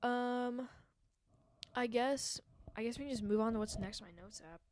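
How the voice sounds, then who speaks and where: A woman's voice: a little high, normal speed, darkish tone. A young woman hosting a solo podcast, chatting casually and rambling with lots of fillers and self-mocking asides into a handheld mic. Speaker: podcast host.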